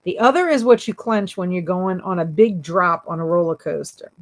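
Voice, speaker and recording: A woman's voice: fairly low pitch, moderate pace. A woman hosting a casual livestream, giggling often as she reads viewer comments aloud and teases her chat. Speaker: booktube livestream host.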